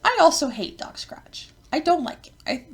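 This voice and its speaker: A woman's voice: high-pitched, sing-song, normal speed. A woman hosting a let's play of a visual novel, reading the game text aloud and breaking off into rambling, self-interrupting rants.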